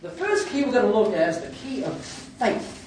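A man preaching a sermon with lots of jokes and his own laughter, breaking into sudden loud outbursts. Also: high voice, very animated, normal speed. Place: church hall. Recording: echoey hall, distant mic, faint noise.

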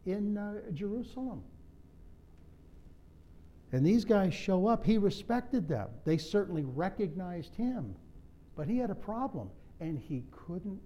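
This sermon comes from a middle-aged man who speaks like he's in conversation, sprinkling in jokes and stories from his own life. The pastor's voice is mellow and slightly high.

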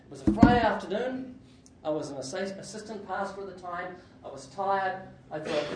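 A man preaching a sermon with lots of jokes and his own laughter, breaking into sudden loud outbursts. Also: high voice, normal speed. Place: church hall. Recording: echoey hall, distant mic, faint noise.

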